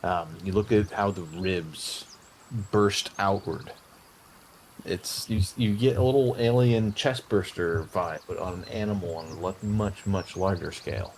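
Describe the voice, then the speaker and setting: A man narrating a tabletop game as game master, describing scenes in a halting way with many fillers. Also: low-pitched, a little hiss or hum.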